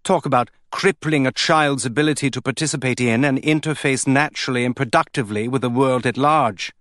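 A man's voice: mid-range voice, brisk, fairly bright tone, no room sound, clean studio sound, natural voice. A man reading an audiobook, voicing a scornful man who lectures with contempt. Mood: lecturing. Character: scornful man, harsh institute head.

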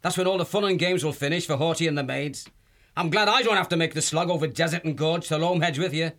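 A man's voice: a little high, fast, a bit bright, voice pushed up, lightly acted. A man voicing a kindly old male shrew boat captain with a rustic, folksy way of talking. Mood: easygoing. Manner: rustic, folksy, "ain't", "afore". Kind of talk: audiobook character voice.

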